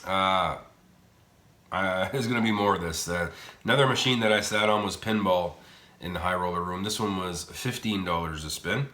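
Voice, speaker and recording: A man hosting a slot machine vlog, rambling bluntly and swearing casually as he plays in a casino's high limit room. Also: normal speed, bright, forceful tone, reverberant. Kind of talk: casual gambling commentary.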